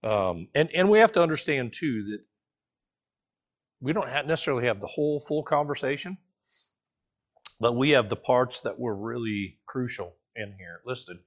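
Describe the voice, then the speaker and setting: A man, teaching a Bible passage to his congregation in a casual, animated sermon, asking the listeners questions and joking as he goes. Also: mid-range voice. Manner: casual, animated, asks the listeners questions, jokes, restarts often. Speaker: pastor teaching a Bible study. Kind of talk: conversational sermon.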